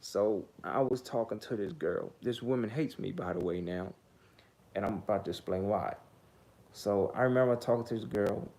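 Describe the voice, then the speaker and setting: A man's voice: lowish voice, moderate pace, creaky, dark tone. A man telling a casual story in a blunt, profane, rambling way, full of fillers. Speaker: vlogger.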